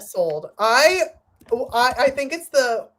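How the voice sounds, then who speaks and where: A woman co-hosts by video call and chats in a loose, rambling way. She giggles often, and her pitch moves around a lot. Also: sing-song, a little slow, fairly bright tone. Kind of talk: casual chat.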